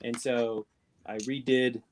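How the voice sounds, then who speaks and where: A man's voice: mid-range voice, flat delivery, slow, darkish tone, a little hiss or hum. A man chatting casually on a live video call, rambling with fillers and restarts, speaking into a tablet microphone. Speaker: panelist on a live video show. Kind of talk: casual chat.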